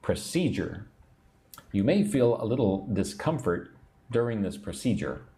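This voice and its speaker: A man hosting an English lesson livestream, explaining words slowly, drilling pronunciation and reading viewer comments aloud. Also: lowish voice, lively intonation, dark tone. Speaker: English teacher. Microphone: own microphone at a computer.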